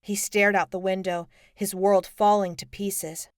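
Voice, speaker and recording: Woman reading an audiobook, even and steady, dry studio sound. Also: mid-range voice, a little slow, no echo. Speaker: audiobook narrator. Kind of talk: scripted audiobook narration.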